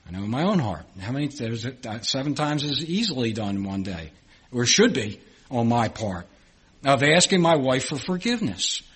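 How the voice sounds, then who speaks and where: A middle-aged pastor preaches an earnest, repetitive sermon, often swelling louder on key phrases and restarting his words. His medium-pitched voice is sing-song and slightly rough, at a normal pace.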